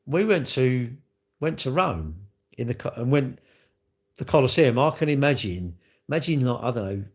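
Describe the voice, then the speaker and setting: A man chats on a live stream with a gravelly, creaky voice. His pitch swings up and down a lot as he rambles cheekily and answers comments from chat.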